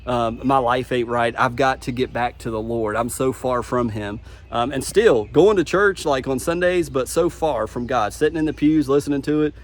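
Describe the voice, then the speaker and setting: A man's voice: medium pitch, moderate pace. A man telling his personal testimony in a vlog, speaking earnestly and from the heart, often restarting his sentences. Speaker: vlogger.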